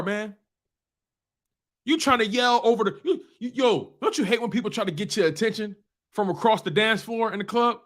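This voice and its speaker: A man hosting a sports talk show, ranting in a casual, animated way and repeating phrases for emphasis. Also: high voice.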